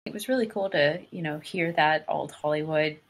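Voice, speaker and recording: A woman co-hosting a podcast in casual chat, relaxed, often just chiming in with short agreement. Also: low-pitched, moderate pace. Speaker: podcast co-host.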